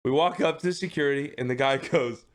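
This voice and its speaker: A male streamer with a somewhat high voice tells a story to his chat, keeping it loose and animated. He swears freely, breaks into laughter, and keeps asking "okay?" to pull his viewers along. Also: fairly quick. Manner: laughs often while telling the story. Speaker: livestreamer.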